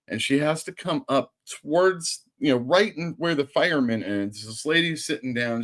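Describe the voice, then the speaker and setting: A man hosting a casual live stream, telling a story and acting out the people in it. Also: medium pitch. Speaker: host.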